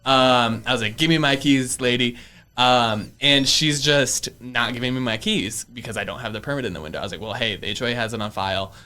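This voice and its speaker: Young man in his twenties, podcast guest, bright forceful voice, chatty storyteller who laughs a lot. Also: mid-range voice, a little fast, few pauses. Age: early 20s. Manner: chatty, laughs often, many fillers. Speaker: real estate investor guest. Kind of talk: casual storytelling interview. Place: podcast studio.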